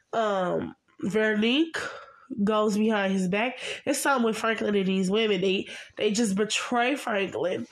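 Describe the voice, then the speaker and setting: A young adult woman giving a casual, chatty TV recap, talking straight to her viewers in a gossipy way. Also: fairly high pitch. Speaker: vlogger.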